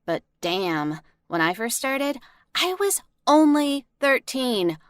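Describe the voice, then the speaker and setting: Young model narrating her animated story, calm, confiding, dry close sound. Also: sits high, slow, clear, resonant tone, no room sound, exaggerated voice. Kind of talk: scripted narration.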